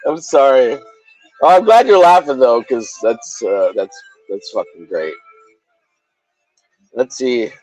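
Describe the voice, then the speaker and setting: A man hosting a livestream, chatting casually in a rowdy, crude way, often shouting and teasing in mock-bullying banter. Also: mid-range voice, animated, slow pace, long pauses, soft background music, poor audio. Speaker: livestream host.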